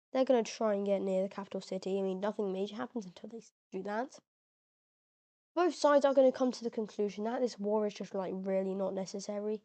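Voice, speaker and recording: With a mellow, mid-range voice, a woman narrates a map game video in an easygoing, slangy way. She fills her chatter with fillers, and every so often her voice cracks.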